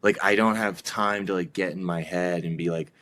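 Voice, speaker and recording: With a deep voice at normal speed, this man, a band's vocalist, chats as a guest on a podcast. His talk is loose and animated, rambling along with lots of fillers and quotes he acts out.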